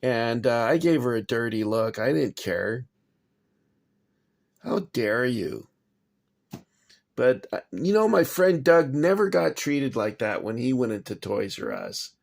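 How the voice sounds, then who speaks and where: Slow, gravelly man rambling at home. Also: mid-range voice, very animated. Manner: rambling, agitated, swears, apologizes. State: shaking after anger. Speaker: toy collector vlogger. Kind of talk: casual rambling vlog. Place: home kitchen.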